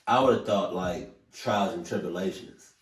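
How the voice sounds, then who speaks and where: A man's voice: low-pitched, a little slow. Emotional man reacting, roomy and distant. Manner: emotional, swears often, sudden loud outbursts. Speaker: reaction video host. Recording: roomy echo, voice set back from mic.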